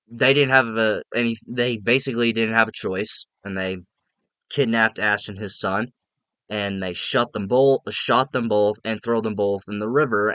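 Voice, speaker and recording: A man's voice: on the low side, bright, forceful tone, clean tone, dry recording. A man giving a casual, rambling spoken movie review, frank and often restarting his sentences.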